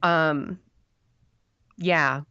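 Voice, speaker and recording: A woman's voice: low voice, fairly even intonation, very slow, bright, forceful tone, clean tone, dull audio. A woman co-hosting a podcast, talking through a movie review in a loose, rambling way with lots of fillers and self-deprecating laughs. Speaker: podcast co-host. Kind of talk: casual movie review chat.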